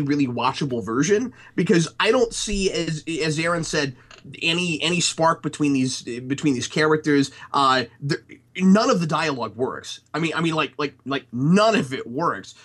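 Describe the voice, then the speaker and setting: Husky-voiced man reviewing a movie. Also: a little high, moderate pace, fairly bright tone. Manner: rambling, many restarts and fillers. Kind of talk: casual movie review chat.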